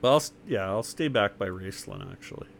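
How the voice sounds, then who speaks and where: A man's voice: on the low side, lively intonation, fairly quick, creaky. A man playing in a tabletop game, joking, laughing often and stammering. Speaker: player.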